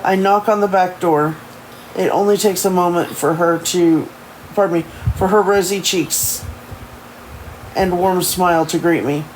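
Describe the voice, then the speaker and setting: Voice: mid-range voice, steady tone, measured pace, a little hiss or hum, poor audio. Stumbling first-person novel reader. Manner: stumbling first-person narration with frequent self-corrections. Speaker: streamer reading a book aloud. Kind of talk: reading a novel aloud on a livestream.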